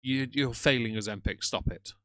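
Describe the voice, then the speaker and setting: A man's voice: mid-range voice, normal speed, a bit bright. A man doing sarcastic live-stream reaction commentary and greeting viewers by name.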